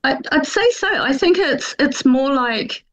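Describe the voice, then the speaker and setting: A woman's voice: sits high, animated, unhurried, a bit bright, rough recording. A woman with a New Zealand accent, interviewed as a guest, hesitant and full of fillers but cheerful. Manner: hesitant, many fillers, laughs easily. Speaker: guest, attraction manager. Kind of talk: radio interview.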